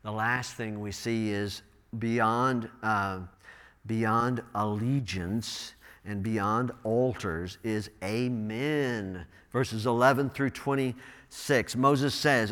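A man preaching a sermon through a microphone, animated and breaking into emphatic bursts. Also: mid-range voice, slow pace, smooth, in a large hall. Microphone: wearing a microphone.

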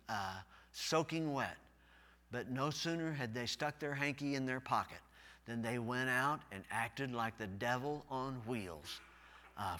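Bright, animated preaching man in a hall. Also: mid-range voice. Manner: folksy, animated preaching that swells loud on key words. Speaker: pastor. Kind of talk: preaching a sermon. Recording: long hall reverb.

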